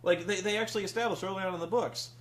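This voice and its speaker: A man's voice: high voice, fairly even intonation, very fast, fairly bright tone. A man reviewing a film in casual chat, rambling and profane, often acting out characters' lines. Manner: rambling, profane, acts out quotes.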